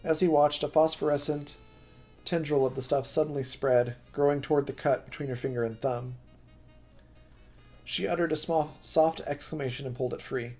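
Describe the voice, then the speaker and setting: A man's voice: on the high side, moderate pace, soft background music. Man reading a novel aloud on stream. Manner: steady reading with occasional slips and self-corrections.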